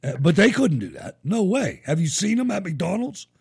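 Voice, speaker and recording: Middle-aged guy hosting, raspy gravelly voice, swings his pitch all over, kinda high. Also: moderate pace. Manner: animated, profane storytelling. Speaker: show host. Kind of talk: casual live-show chat.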